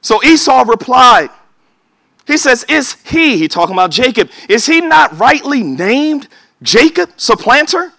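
High, lively preacher man. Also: unhurried, no echo. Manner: emphatic, calls for amen, bursts of shouting. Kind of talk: sermon.

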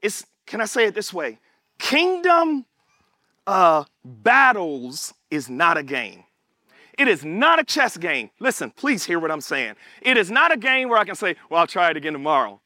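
A male preacher with a high, bright, forceful voice, delivering an animated sermon. He calls out to the congregation and acts out prayers in quoted voices. The sound is dry and close, with little room behind it. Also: measured pace, no echo. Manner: animated, call-and-response preaching.

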